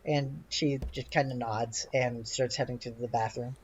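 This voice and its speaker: A game master narrating a tabletop game in a halting way, with many fillers. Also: medium pitch, fairly even intonation, slight background noise. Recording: dull lo-fi sound.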